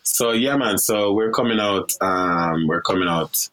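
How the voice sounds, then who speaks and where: A man with a low voice talks as an interview guest, telling stories and explaining as he goes. His pitch jumps up and down as he gets into it, with restarts along the way. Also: unhurried, a little hiss or hum. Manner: storytelling, lively swings in pitch, many restarts. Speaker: guest, filmmaker. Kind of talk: relaxed conversational interview.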